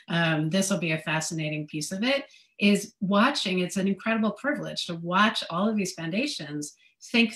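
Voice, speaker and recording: A woman speaking as a panelist in a panel discussion, thoughtful and loose, with many fillers and restarts. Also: on the low side. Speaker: fund director, panelist.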